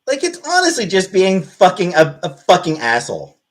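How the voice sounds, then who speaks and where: Woman livestreamer, furious profane rant, exasperated and sarcastic, lively swooping voice. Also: on the low side, moderate pace, low-quality recording. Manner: angry, profane ranting; mocking, exasperated. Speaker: livestreamer reading chat. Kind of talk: live-stream rant.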